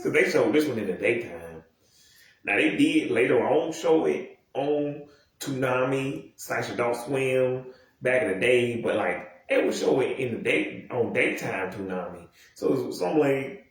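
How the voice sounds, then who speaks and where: A man in his thirties, a video commentator, rambles casually with plenty of profanity, restarting sentences and drifting into asides. His voice is mid-range and his speed normal. The mic sits far away in a very echoey room.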